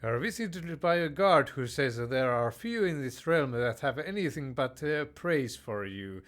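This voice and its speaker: A man's voice: mid-range voice, lively intonation, normal speed, hardly any pauses, fairly bright tone. A man playing a text strategy game. He reads the game text aloud and comments in a hesitant way, with many fillers and restarts and joking mock-tyrant verdicts. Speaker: game player.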